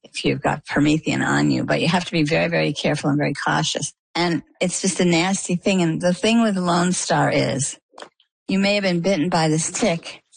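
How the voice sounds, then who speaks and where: A woman's voice: deep voice, moderate pace, creaky, slightly rough, no echo, low-quality recording. A woman guest in an interview, animatedly telling a personal story and acting out the voices of the people in it. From Maine, US.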